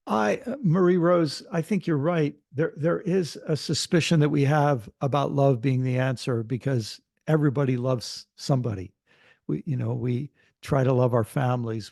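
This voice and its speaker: Older guy on a panel, gravelly voice, dry close sound, thoughtful storytelling. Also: medium pitch, darkish tone, no echo. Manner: measured, reflective storytelling with small restarts. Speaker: panelist, Christian author.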